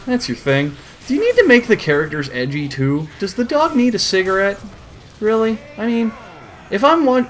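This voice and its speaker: A man's voice: mid-range voice, fairly bright tone, a little hiss or hum. A man giving crude, sarcastic comedic commentary while reading a comic aloud. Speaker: comedy host.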